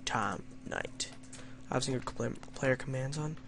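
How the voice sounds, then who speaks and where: A man's voice: medium pitch, unhurried, a bit bright, a little hiss or hum. Young man narrating a game, wry and playful. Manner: reads story lines in mock-dramatic tone, then jokes wryly at himself. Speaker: gamer playing an adventure map. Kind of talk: let's play commentary.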